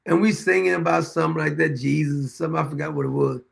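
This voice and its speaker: A middle-aged man hosts his own show and talks through homespun stories with a high-pitched voice and a rough, gravelly edge. He repeats lines for emphasis and breaks into frequent chuckles. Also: fast. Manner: chuckles often while telling anecdotes; folksy, repeats phrases for emphasis. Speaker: show host. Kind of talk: casual storytelling monologue.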